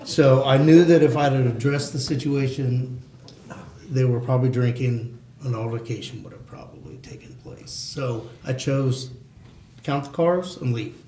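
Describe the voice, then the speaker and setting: A man's voice: medium pitch, measured pace, warm tone, a little hiss or hum. Plainspoken man airing a complaint. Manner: plainspoken, heated in bursts. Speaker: resident at a community meeting. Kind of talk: community meeting discussion. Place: meeting room. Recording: echoey meeting room.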